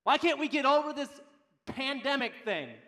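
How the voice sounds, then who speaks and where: A man preacher voicing an adult man who grumbles and demands his own way, in a loud, mock-childish, complaining tone. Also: sits high, steady tone, normal speed, echoey room, lightly acted. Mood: whiny, complaining.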